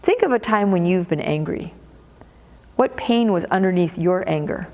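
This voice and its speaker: This woman pastor has a lowish, darkish voice, and she tells the story of her sermon with real expression at a moderate pace, repeating words to stress them. She preaches in a church sanctuary, where the sound rings with a long reverb.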